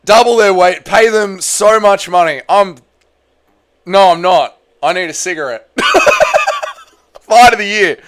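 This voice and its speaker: A man hosting a live fight watch-along stream, commentating excitably and with heavy swearing, yelling at the big moments and then talking drained and emotional. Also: sits high, moderate pace. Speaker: livestream host.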